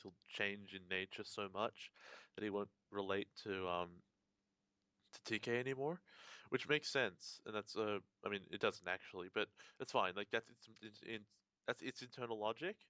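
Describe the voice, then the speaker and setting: A man's voice: lowish voice, a bit bright, no room sound. A young man co-hosting a podcast in casual chat, analytical and wry with blunt opinions. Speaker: podcast co-host.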